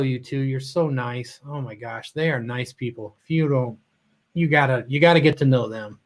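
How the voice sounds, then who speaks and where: Rambling, choked-up man hosting a livestream. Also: fairly high pitch. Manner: warm, rambling, emotional, often trailing off mid-sentence. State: a little choked up. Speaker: livestream host. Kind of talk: casual live-stream chat greeting viewers.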